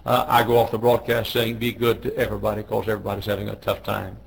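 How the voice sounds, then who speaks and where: A man's voice: on the low side, completely flat delivery, fast talker, gravelly, a little hiss or hum, low-quality recording. A middle-aged man, a pastor, telling joking stories in a folksy way on a radio devotional. He raises his voice when he quotes people.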